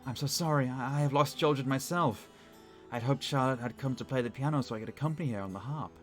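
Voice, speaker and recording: A man reading a grieving gentle woman. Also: mid-range voice, fast, soft background music, close to an everyday voice. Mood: sad. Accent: Northern English.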